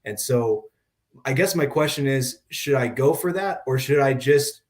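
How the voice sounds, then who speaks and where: Brief: mid-pitched man, brisk eager caller. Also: animated. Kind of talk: casual question.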